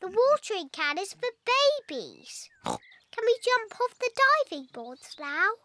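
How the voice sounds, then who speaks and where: A woman's voice: very high voice, sing-song, unhurried, background noise, exaggerated voice. A woman voicing a bossy, cheeky little girl piglet in a cartoon, teasing and giggly. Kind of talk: cartoon voice acting. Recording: music under the voice.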